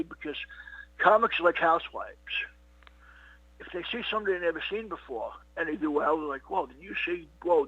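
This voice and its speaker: A middle-aged comedian, interviewed as a guest, rambles casually through stories peppered with "you know what" and "he goes." His voice is a little high, bright, forceful and husky. The recording is dull, lo-fi and dry, with no room sound.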